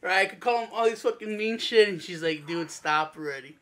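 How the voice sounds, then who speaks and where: High-voiced man telling rowdy family stories. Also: quick pace. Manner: animated storytelling, acts out family quotes, laughs often, swears. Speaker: podcast co-host. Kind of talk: casual chat.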